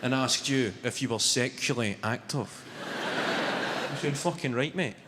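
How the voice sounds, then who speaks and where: Here a Scottish comedian in his twenties, Glaswegian accent and all, delivers crude, cocky stand-up to a laughing arena audience. He speaks at medium pitch and takes his time, and the audio is very noisy. Long reverb and a loud crowd fill this live recording.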